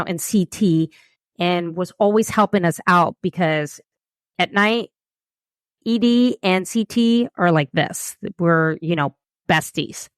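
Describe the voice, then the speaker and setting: Woman host, casual storyteller, lively and chatty, mid pitch, dry close sound. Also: smooth, no room sound. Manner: animated, chatty, frequent fillers and asides. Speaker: podcast host, CT technologist.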